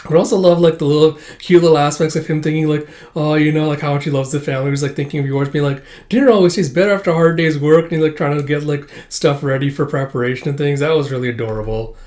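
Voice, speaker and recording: A man's voice: a little high, flat delivery, fast, few pauses, a little mellow. A man hosting a casual manga read-through, rambling with many fillers and frequent chuckles. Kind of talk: casual reading commentary.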